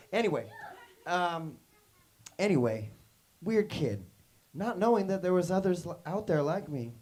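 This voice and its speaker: A man's voice: sits high, animated, a little slow, long pauses, a little mellow. A man leading a workshop, telling stories in a casual, rambling way to young students, full of "like" and "you know" and acted-out quotes. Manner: acts out quoted voices in his stories.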